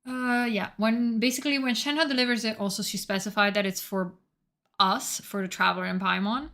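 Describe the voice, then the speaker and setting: A woman streamer talks casually to her chat at a mid pitch. She is excitable and swears freely, rambling as she hunts through her notes. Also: fairly quick.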